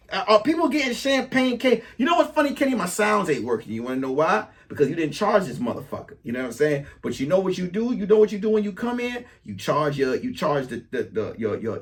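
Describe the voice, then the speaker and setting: A man hosting a podcast, telling a story in a casual, comedic monologue with plenty of swearing and asides. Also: high voice. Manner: animated storytelling, profane, riffs on a crew member. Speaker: podcast host.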